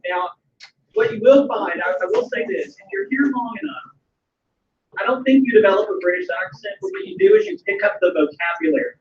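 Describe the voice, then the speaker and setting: A man's voice: very high-pitched, wildly swooping pitch, a little fast. A man with a Southern US accent, a historian chatting with students in a casual Q&A, enthusiastic, with lots of ums and restarts. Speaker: historian answering students' questions. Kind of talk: casual Q&A over a video call. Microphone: video call. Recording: echoey, distant, muffled video call audio with light noise.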